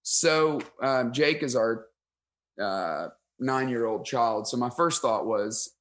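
A man's voice: mid-range voice, slow pace. Man telling a story in casual chat. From United States. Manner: self-deprecating, animated retelling with quoted inner thoughts. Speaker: pastor and podcast guest.

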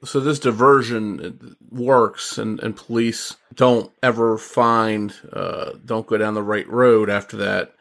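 A man's voice: lowish voice, steady tone, takes it slowly, creaky, few pauses, a bit bright. A man hosting a true-crime podcast, asking a guest questions with hesitant restarts. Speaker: podcast host. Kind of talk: interview questions.

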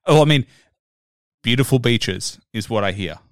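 A man hosts a relaxed interview, agreeable and quick to nod along with short replies. His voice is smooth and clear, recorded dry and close. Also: medium pitch, no room sound. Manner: easygoing, agreeable, many short yeahs. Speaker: host. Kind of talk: casual interview chat.

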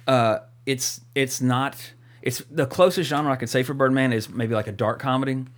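A man's voice: mid-range voice, normal speed. Rambling, profane man podcast host. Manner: rambling, profane, frequent fillers and restarts. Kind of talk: casual podcast chat.

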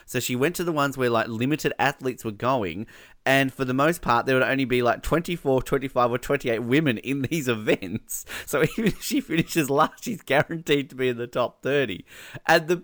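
A man's voice: mid-range voice, fairly bright tone, no echo, clean studio sound. A young man hosting radio, chatting casually and reading listener messages with teasing asides. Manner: amused, laughs often, teasing asides. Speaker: radio host.

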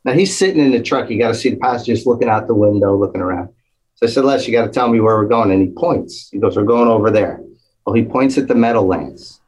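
A man with a low, slightly husky voice tells a long anecdote in relaxed conversation. He acts out the people in the story, jumping higher for their lines. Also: quick pace, rough recording. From New Jersey. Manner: animated storyteller acting out quoted voices. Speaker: guest storyteller. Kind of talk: casual anecdote telling.

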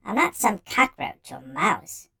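Brief: tiny prim male homunculus for a storybook, high thin strained voice, lively bargaining lilt. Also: slow pace, gravelly, heavily acted. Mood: indignant.

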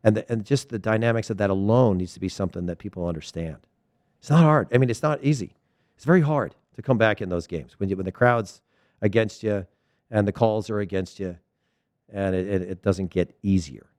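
A man with a lowish voice gives an animated, story-driven monologue about soccer. He often stumbles and repeats his words as he builds his point. The sound is dry and close, with no room echo. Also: fairly quick. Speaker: soccer commentator. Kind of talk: casual opinion monologue.

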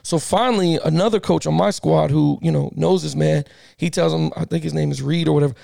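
A middle-aged man with a high, gravelly voice tells a story in a fired-up podcast chat. He keeps circling back in slang and laughs often. His voice is recorded dry and close. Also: fairly quick, dark tone, no room sound. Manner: slangy, repeats himself. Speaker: podcast co-host. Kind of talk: casual sports podcast chat.

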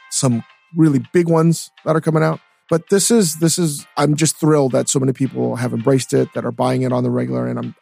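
Gravelly-voiced man in casual podcast chat. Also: mid-range voice, darkish tone. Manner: rambling, profane, reads ad plugs quickly. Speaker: podcast co-host.

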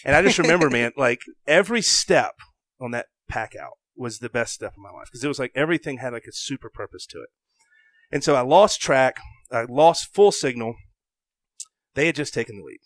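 Excitable Southern man telling a story. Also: medium pitch, a little fast, no room sound. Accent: Southern American. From American South. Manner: excitable, self-interrupting, acts out his own inner voice. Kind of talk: animated casual storytelling.

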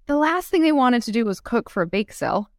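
A woman's voice: on the high side, fairly quick, no echo, studio quality. A woman guest on an interview, chatting casually and acting out stories with frequent laughs. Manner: animated storyteller who acts out quotes and laughs often. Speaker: guest entrepreneur.

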